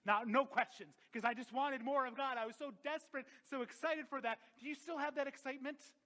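A man preaching a sermon as a pastor, impassioned, swinging from loud emphatic peaks to quiet reflective drops. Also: extremely high pitch, steady tone, a little fast.

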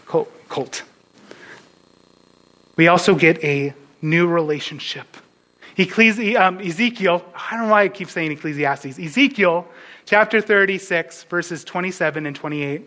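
A man's voice: high-pitched, normal speed, a bit bright, low-quality recording. A man preaching a conversational sermon as pastor, dropping to a near whisper at tender moments.

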